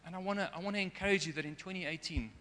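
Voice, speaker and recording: A man's voice: sits high, rapid-fire, bright, forceful tone, a little hiss or hum. A man preaching a sermon in an earnest way, sometimes getting emotional. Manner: earnest, gets emotional at times. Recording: long hall reverb.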